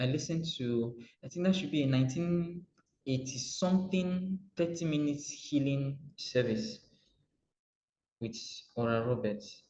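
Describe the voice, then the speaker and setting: A Nigerian man giving a motivational coaching talk, animated and repetitive, acting out little dialogues as he speaks. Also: medium pitch. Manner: animated, acts out dialogue, repeats phrases. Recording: roomy muffled recording.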